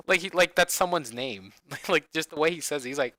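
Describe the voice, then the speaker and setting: A man chatting casually as he reacts to a video game, breaking into laughs and tripping over his words. His voice is bright and leaps around in pitch. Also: expressive, unhurried, no echo. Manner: laughs often, amused, restarts words.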